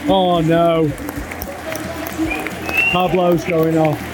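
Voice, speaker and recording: A man's voice: a little high, flat delivery, extremely slow, heavy background noise. A man in the stands of an outdoor football stadium, chanting players' names and cheering as he comments on the match. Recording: loud crowd and music.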